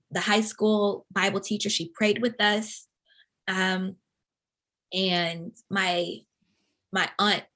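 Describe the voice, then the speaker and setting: A woman in her thirties from the Atlanta area, telling a personal story as an interview guest in an earnest, reflective, halting way. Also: mid-range voice, a bit bright. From Atlanta, USA.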